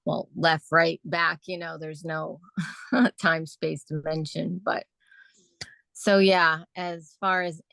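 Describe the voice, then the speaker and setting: A woman's voice: sits low, little pitch movement, slow pace, creaky, a bit bright, no echo. A woman on a video call sharing her personal reflections earnestly, with many fillers. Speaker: community call participant.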